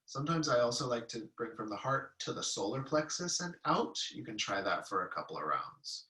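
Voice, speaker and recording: A man leading a guided healing-sound meditation, speaking calmly and softly and drawing out long chanted vowel tones. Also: medium pitch, a little fast. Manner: calm, soft-spoken guidance with long chanted vowel tones. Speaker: meditation teacher. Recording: echoey room, mic at a distance.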